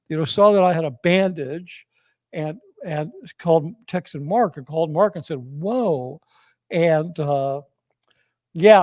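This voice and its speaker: A man's voice: on the high side, darkish tone, dry recording. A man as interview guest, telling a personal story with many restarts and fillers.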